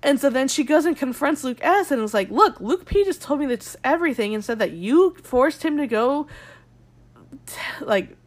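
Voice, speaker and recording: A young woman with a slightly high voice hosts a casual podcast. She recaps a show in a gossipy, dramatic way, swearing freely and acting out what people said. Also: expressive, moderate pace. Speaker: podcast host.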